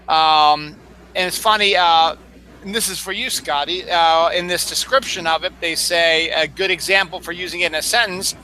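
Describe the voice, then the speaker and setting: A man's voice: fairly high pitch, fairly even intonation, normal speed, sharp tone, a little hiss or hum, rough recording. A man co-hosting a casual chat, explaining how words are said, chuckling and tripping over his own words. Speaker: co-host.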